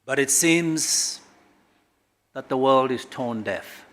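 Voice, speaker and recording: Brief: middle-aged man, government speaker, emphatic keynote delivery with dramatic pauses. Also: lively intonation. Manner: emphatic orator, big swings in pitch and loudness, dramatic pauses. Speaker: government official giving a keynote. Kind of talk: public speech at a corporate launch.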